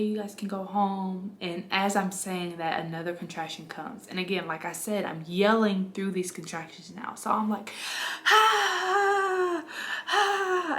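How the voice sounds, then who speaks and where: A young woman, casually telling her own story to the camera and acting out her past cries in a high voice. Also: a bit bright, echoey room. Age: young adult.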